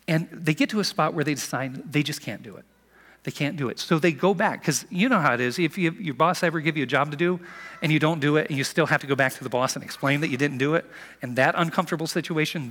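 A man preaching a sermon as a pastor, in an animated, conversational storytelling manner, in a church sanctuary. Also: fairly high pitch. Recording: long reverb of a large hall.

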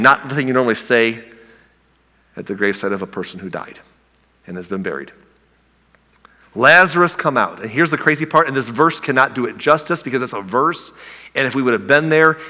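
A male pastor preaches with a bright, forceful voice pitched a bit high. He tells the story casually and with humor. The long reverb of a big church hall trails after every phrase. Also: lively intonation, normal speed. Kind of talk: sermon.

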